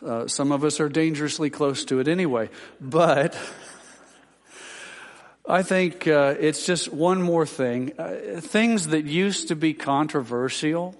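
Male Baptist pastor, slightly high voice, folksy, rambling announcements full of fillers and wry jokes; long church reverb. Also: a little slow. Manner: rambling and homespun, with many fillers and dry humorous asides. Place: large church sanctuary.

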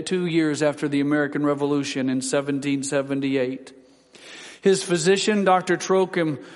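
A man's voice: on the high side, long reverb tail. A man preaching a sermon, reading out quotes in a solemn, dramatic way.

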